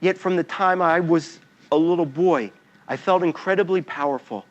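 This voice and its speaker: A man's voice: fairly high pitch, moderate pace, dull audio. A man giving a talk as a storyteller, acting out scenes and sounds as he goes. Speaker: invited speaker.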